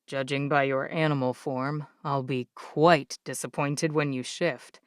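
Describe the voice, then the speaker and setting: A woman voicing a sardonic, teasing adult male emperor in an audiobook, speaking in a wry, languid, slow drawl. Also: extremely low pitch, fairly even intonation, clean tone, no echo, studio quality, voice pushed down.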